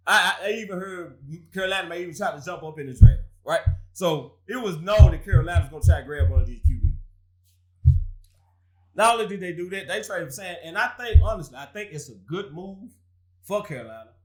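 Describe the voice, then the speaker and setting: A man's voice: high voice, expressive, brisk. A man hosting a casual sports talk show, trash-talking rival fans with frequent laughter.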